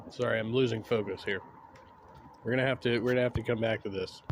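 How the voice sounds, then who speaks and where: A man hosting a livestream keeps things casual and playful. His voice sits at a middle pitch. The stream audio has a clear hiss of noise. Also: steady tone, fast. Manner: playful, rambling. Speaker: livestream host. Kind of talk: casual chat.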